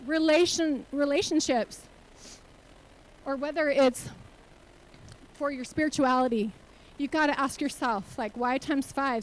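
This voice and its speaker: High-voiced woman giving a motivational keynote. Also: low-quality recording. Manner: earnest, rhetorical questions to the audience. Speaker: keynote speaker and nonprofit CEO. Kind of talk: motivational conference talk. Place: conference hall stage.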